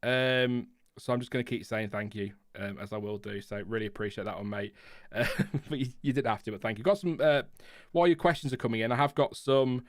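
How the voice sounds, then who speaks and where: A man's voice: medium pitch, fairly quick, dry recording, clean studio sound. A man hosting a casual live stream, chatty and laughing often as he reads out viewer messages and press releases. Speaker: livestream host.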